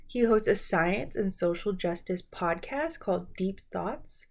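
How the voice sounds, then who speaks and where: A woman's voice: medium pitch, lively intonation, unhurried, creaky, a little mellow. A young woman chatting casually and playfully about reality TV contestants in a vlog. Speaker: beauty and reality TV vlogger.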